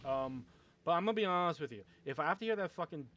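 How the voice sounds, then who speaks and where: A man's voice: a little high, expressive, quick pace, a bit bright. A young man chatting casually with viewers on a gaming livestream, rambling, swearing a lot and laughing often.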